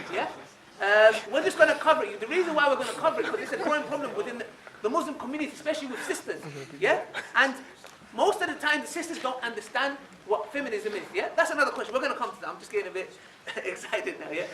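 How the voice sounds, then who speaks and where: With an extremely high-pitched voice, a man addresses a live audience in an animated Islamic lecture. He keeps throwing out rhetorical questions ending in "yeah?" and checking in with listeners; the room echoes, he sounds far off, and there's faint noise.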